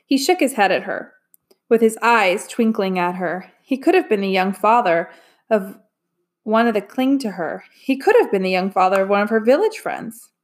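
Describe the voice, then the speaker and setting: A woman narrating a storybook in a calm, even way. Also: medium pitch, moderate pace. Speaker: audiobook narrator. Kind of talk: storybook reading.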